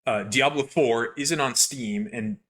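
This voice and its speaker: A young man co-hosting a podcast who tells gaming stories in a rambling, animated way with lots of fillers. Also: medium pitch, slow. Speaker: podcast co-host. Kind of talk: casual chat, storytelling.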